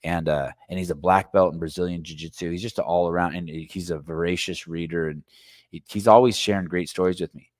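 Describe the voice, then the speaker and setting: Deep-voiced man telling a rambling story. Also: steady tone, fairly quick, no echo, studio quality. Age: middle-aged. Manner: rambling storytelling, swears casually. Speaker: podcast host. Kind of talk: casual chat.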